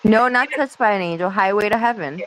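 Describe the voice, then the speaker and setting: In a group conversation, a woman from Miami in her forties talks briskly at a medium pitch. She's chatty and lively, spinning animated stories punctuated by laughter.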